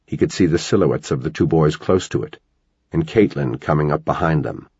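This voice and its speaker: A man with a very low, husky voice narrates a novel in a measured storytelling way. He is close-miked in a dry space, and the recording is slightly dull. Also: a little mellow, no room sound. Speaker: audiobook narrator. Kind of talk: scripted narration.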